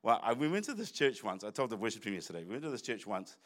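A man's voice: lowish voice, very animated, quick pace, a bit bright. A man preaching a sermon in church, talking conversationally with asides and restarts. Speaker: pastor.

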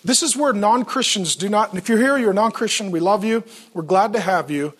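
A man's voice: high voice, a little fast. A middle-aged man preaching as a pastor, telling stories with acted-out dialogue. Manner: animated storytelling with acted-out dialogue. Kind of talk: sermon.

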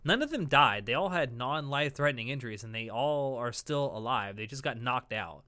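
Bright, clear-voiced man telling a story. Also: mid-range voice, brisk, no room sound, studio quality. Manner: animated storytelling, swears freely, acts out quoted lines. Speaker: podcast co-host recapping an anime episode. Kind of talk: casual chat.

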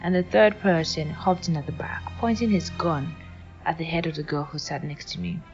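A woman's voice: low-pitched, normal speed, vocal fry. Wry young woman telling her story. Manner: wry, animated retelling with acted quotes. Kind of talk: personal storytelling. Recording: lo-fi with faint music.

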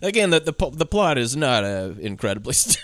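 A man co-hosting a casual movie podcast, animated and retelling scenes. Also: a little fast, no echo. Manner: animated, acts out movie scenes in high shrieks. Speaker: podcast co-host.

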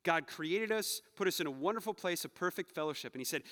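A male pastor with a bright, forceful, slightly high voice delivers a conversational sermon. He drifts from joking asides to hushed, earnest stretches, and his words ring out with the long reverb of a church hall. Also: expressive, fast, hardly any pauses. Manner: conversational preaching, shifts between playful asides and hushed earnest passages. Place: church sanctuary.

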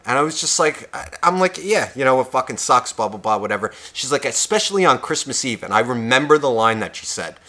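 A man co-hosting a casual podcast, spinning a long profane story. His voice is bright and forceful, and he slips in and out of quoted characters as he goes. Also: medium pitch, fast talker, hardly any pauses. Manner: animated, swears constantly, acts out other people's lines. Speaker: podcast co-host.

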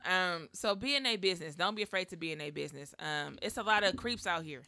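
This podcast co-host, a woman in her thirties, talks quickly in a lowish voice that sounds pushed and bright. The casual chat is blunt, profane and full of jokes. She sits right up on a close studio microphone, and the recording is dry.

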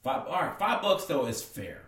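A man co-hosting a podcast in casual chat, teasing and animated, dramatizing stories with quick asides. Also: medium pitch. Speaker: podcast co-host.

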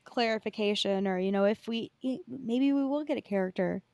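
A woman's voice: mid-range voice, a little fast, vocal fry, a little mellow, dry recording. A woman co-hosting a podcast, recapping news in casual chat with many fillers. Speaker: podcast co-host.

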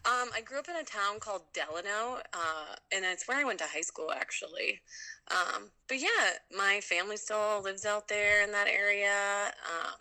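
A woman's voice: medium pitch, normal speed, bright, forceful tone, clear, resonant tone, rough recording. A woman in her thirties from Minnesota, a guest in a casual interview, talking in a chatty, upbeat way with lots of fillers. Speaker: guest, ultrarunner.

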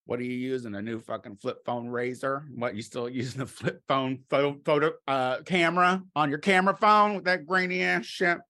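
In a crude, campy comedy routine, a middle-aged man stays animated throughout, alternating loud exclamations with muttered asides. He talks a little fast and barely pauses.

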